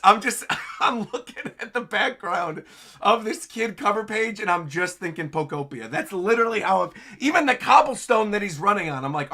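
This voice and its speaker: A man with a fairly high, bright voice hosts a live reaction stream. His pitch swings widely as he chats with enthusiasm and laughs easily. He comments on each page as he reads it aloud. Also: expressive, moderate pace. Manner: enthusiastic, chatty, laughs often. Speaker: livestream host reacting to manga chapters.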